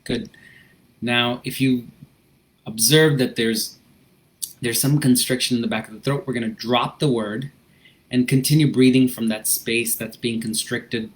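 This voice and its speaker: A man leading a guided breathing lesson, gentle and reflective, often checking in with a "right?" and a soft laugh. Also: mid-range voice, fairly even intonation, unhurried. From United States. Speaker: breathing and meditation instructor.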